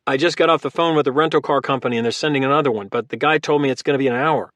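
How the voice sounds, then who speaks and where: A man voicing a calm, calculating former Marine who talks in a friendly, easygoing way. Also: medium pitch, racing, no room sound, close to an everyday voice. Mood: casual. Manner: casual and friendly, turning hard.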